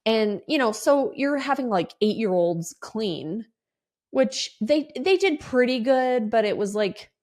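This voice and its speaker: A woman's voice: a little high, expressive, measured pace, darkish tone. A woman in her forties hosting a podcast, telling a rambling, exasperated story in a casual style and swearing freely. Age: 40s. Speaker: podcast host.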